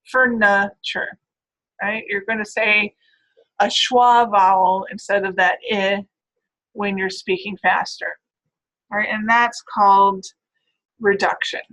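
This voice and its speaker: A woman lectures on phonetics in a bright, clear voice. She explains patiently, often pausing to check in with her class before moving on. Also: mid-range voice, rough recording. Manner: explanatory, with frequent "right?" and "all right".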